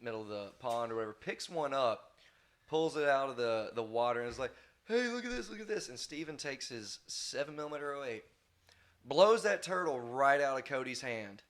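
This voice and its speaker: A man's voice: mid-range voice, normal speed, a bit bright. A man, rambling through family stories in a casual podcast chat. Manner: rambling, says "or whatever" a lot. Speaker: podcast co-host.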